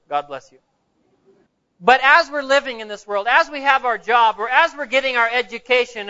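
A man's voice: very high voice, bright, forceful tone. A male pastor preaching a sermon in a church, telling stories and putting rhetorical questions to the congregation, on a dull lo-fi recording.

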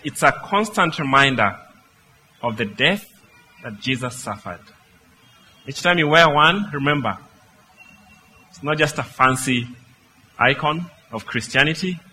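A male preacher delivers a sermon in a bright, forceful voice set a little high for a man. He speaks with emphasis and keeps asking his listeners rhetorical questions. Faint background noise sits beneath his voice. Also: expressive, a little slow, long pauses, rough recording.

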